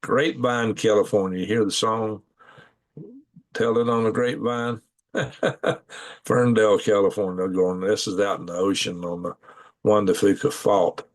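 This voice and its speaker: A man's voice: on the low side, steady tone, a little slow, long pauses. A man hosting a casual live stream, rambling in a folksy way and thinking aloud as he clicks through maps at home at night. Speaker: channel host.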